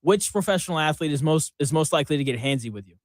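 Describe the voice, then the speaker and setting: A sports radio host with a somewhat high voice who talks in a loose, conversational way and laughs easily. His studio mic sounds dry and close. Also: animated, fast talker, no room sound. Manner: conversational, joking, fond of laughing. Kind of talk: sports talk radio commentary.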